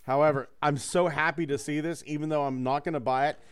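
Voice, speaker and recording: A man's voice: a little high, steady tone, a little fast, clean tone. A man co-hosting a casual podcast chat, rambling and joking, swearing freely.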